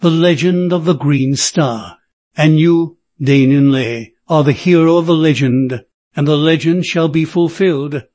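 A man's voice: fairly high pitch, unhurried, darkish tone, no echo. Storybook figure: proud, impassioned young warrior woman, voiced by a male narrator. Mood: solemn.

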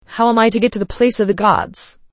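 A woman's voice: fairly high pitch, fairly even intonation, fairly quick, no echo, close to an everyday voice. Haughty storybook priestess, young woman, commanding, dry sound, read by a woman narrator.

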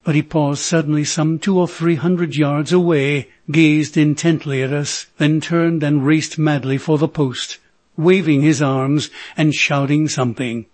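A man narrating an adventure novel in a steady, measured reading. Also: a little high, no room sound. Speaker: audiobook narrator. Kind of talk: scripted narration.

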